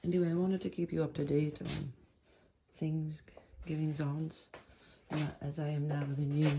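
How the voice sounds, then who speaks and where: A gravelly-voiced vlogger rambles playfully to a phone camera in a home kitchen. The talk wanders from one thing to the next with quirky wordplay. A loud, steady noise sits under the whole recording. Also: medium pitch, moderate pace. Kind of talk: casual rambling chat to camera.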